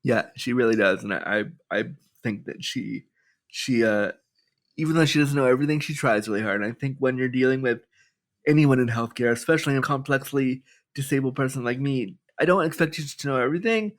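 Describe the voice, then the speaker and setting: A man in his thirties, a podcast guest telling personal stories in a candid, animated way with lots of quoted dialogue. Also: medium pitch, fairly quick. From Canada. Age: 30s. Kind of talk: storytelling in a podcast interview.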